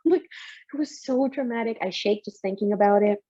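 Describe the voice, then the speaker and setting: A young woman telling her story as a mother in an interview, emotional and lively, laughing often as she talks. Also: medium pitch, quick pace, lo-fi sound. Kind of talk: candid personal story.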